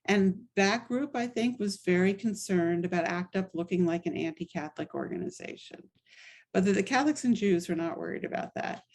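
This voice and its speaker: A middle-aged woman presents her book at a talk. She tells stories in a loose, conversational way, full of asides, at a middle pitch. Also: a little fast, darkish tone. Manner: conversational storytelling with frequent asides.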